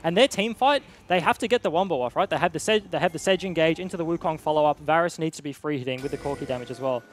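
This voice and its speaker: Fast-talking male esports caster. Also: on the high side, faint music behind. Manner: quick analytical banter, jokey. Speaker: esports commentator. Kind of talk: color commentary.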